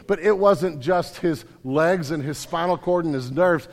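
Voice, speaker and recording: A man's voice: a little high, unhurried, hardly any pauses, long reverb tail. A man, a pastor, preaching a sermon in a vivid storytelling manner, speaking straight to his listeners. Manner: vivid storytelling, addressing listeners directly as "you".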